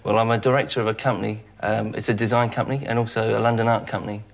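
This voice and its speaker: A man's voice: lowish voice, flat delivery, racing, creaky. A man from Perth with an Australian accent, an easygoing, friendly game show contestant. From Perth, Western Australia.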